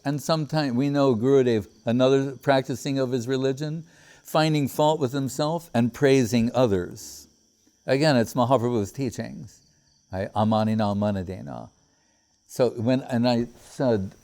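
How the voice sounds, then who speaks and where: A man's voice: medium pitch, a little mellow. A middle-aged man giving a devotional talk, reflectively telling stories about his teacher. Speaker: spiritual teacher.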